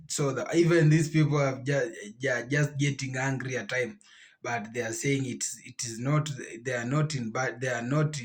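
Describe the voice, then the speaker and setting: Brief: mid-pitched male host, halting and repetitive explainer. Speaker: reaction video host. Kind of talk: casual explanatory commentary.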